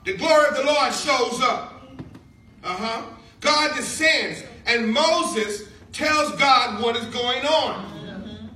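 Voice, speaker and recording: High-voiced shouting preacher in a church. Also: male voice, slow, distant mic, faint music behind. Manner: animated, shouting preacher with call-and-response. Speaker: pastor. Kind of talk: sermon. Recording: echoey hall from afar, congregation. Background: congregation responding.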